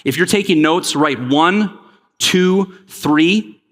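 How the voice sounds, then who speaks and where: A man giving a conference keynote, energetic and joking, calling on the crowd to respond. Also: fairly high pitch, slow. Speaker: keynote speaker. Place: large conference hall. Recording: long hall reverb.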